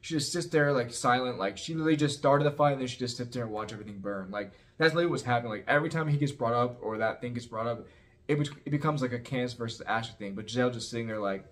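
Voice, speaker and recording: Male vlogger recapping reality TV: rapid, sassy, gossipy, mid-pitched voice. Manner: sassy, animated, heavy use of "like" and "girl". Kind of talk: casual opinionated recap.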